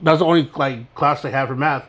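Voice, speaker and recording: A man's voice: on the high side, brisk, a bit bright. Laid-back young man telling stories. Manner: laid-back, rambling, laughs through his stories. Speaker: podcast co-host. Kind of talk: casual storytelling chat.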